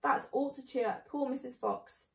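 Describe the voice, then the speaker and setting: A woman's voice: high voice, fairly even intonation, moderate pace, creaky, reverberant, distant mic. A woman voicing a clever, cheerful male fox and father, in a storybook reading. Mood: cheering.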